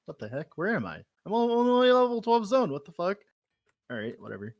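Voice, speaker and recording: A man's voice: sits high, wildly swooping pitch, brisk, no room sound, lo-fi sound. A man playing along on a stream, chatting casually, asking questions and swearing as he exclaims over loot. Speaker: co-player. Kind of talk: casual gameplay chat.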